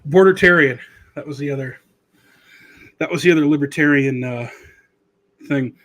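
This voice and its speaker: Sarcastic guy in his 30s riffing on the news, bit of a higher voice, rambly. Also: moderate pace, fairly bright tone. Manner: rambling, sarcastic, does mocking impressions. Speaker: podcast host. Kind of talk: casual political commentary.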